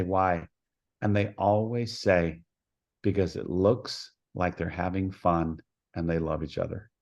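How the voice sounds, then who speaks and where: A man with a very deep voice tells stories as a podcast guest, in a folksy, homespun way. He acts out the dialogue in his anecdotes as he goes. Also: vocal fry, darkish tone, highs cut off. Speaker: head softball coach, podcast guest. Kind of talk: storytelling in a podcast interview.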